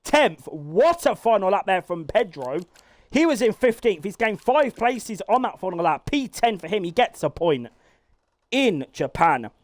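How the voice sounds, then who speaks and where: A man giving live play-by-play commentary on a sim race, excitable and swearing freely as he calls the action. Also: high voice, measured pace, dry recording.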